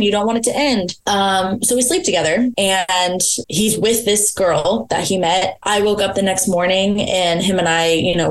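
Woman telling a personal story in an echoey room. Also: on the low side. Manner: candid and conversational, quoting others as she tells it. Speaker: podcast guest.

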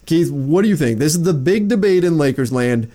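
A man's voice: on the high side, animated, fairly quick, dark tone. A man hosting a sports podcast, talking casually and often restarting his sentences. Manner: conversational, repeats words when starting. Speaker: podcast host.

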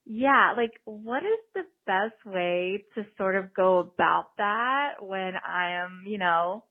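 A woman's voice: mid-range voice, lively intonation, slow pace. Bubbly woman caller on a tinny phone line. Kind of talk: phone-in question.

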